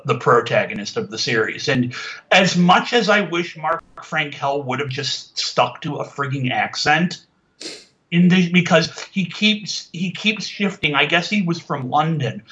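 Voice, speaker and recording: A man casually reviewing an old TV show, rambling with many fillers and restarts, getting animated when he complains. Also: on the high side, dull audio. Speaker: podcast reviewer.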